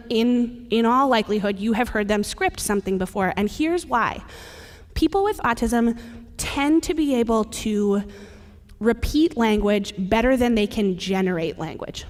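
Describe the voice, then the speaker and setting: A woman with a somewhat high voice gives a conference talk and speaks to the audience in a relaxed, joking way. Her voice rings out with the long reverb of a large hall. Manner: conversational and humorous, addressing the audience directly. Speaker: presenter at a safety conference. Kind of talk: conference presentation.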